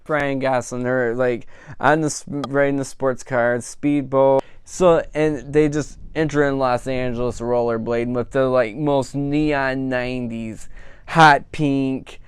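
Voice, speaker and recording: A man giving a casual, rambling film review, full of fillers and animated reactions. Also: medium pitch, slow, clean tone. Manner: chatty and rambling, full of "like" and "you know"; animated, laughing at the funny parts. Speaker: movie reviewer.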